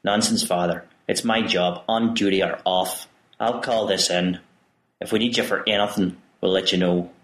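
A man voicing a calm, gentle police officer who talks in an easy, businesslike way. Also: low-pitched, moderate pace, reverberant.

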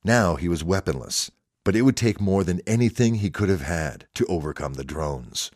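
A man narrating a written story in a steady, measured reading. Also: deep voice, dry recording, studio quality.

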